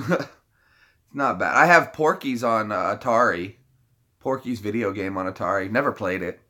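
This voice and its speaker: A man's voice: lowish voice, animated, a little slow, pushed and bright. Playful man with a stuffy nose. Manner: playful, jokey, laughs between bits. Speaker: live streamer. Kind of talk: casual chat with impressions.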